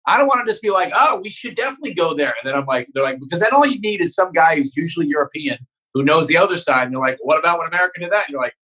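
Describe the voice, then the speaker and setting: A male comedian riffs as a podcast guest, his voice high and husky with big swings in pitch. He talks in animated, joking bursts and swears freely. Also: racing, hardly any pauses, low-quality recording. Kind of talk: casual chat.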